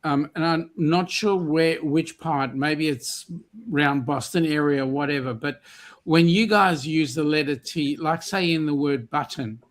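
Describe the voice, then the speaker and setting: A man's voice: a little high, unhurried, few pauses. Give me a playful Australian man chatting casually over a video call. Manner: playful, jokey. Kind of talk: casual chat.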